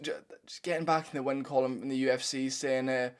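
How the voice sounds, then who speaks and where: This is a young man, delivering a blunt, profane commentary rant. His voice sits at an ordinary middle pitch. His delivery is animated and opinionated throughout. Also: fast talker. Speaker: MMA commentator channel host. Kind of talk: ranting reaction commentary.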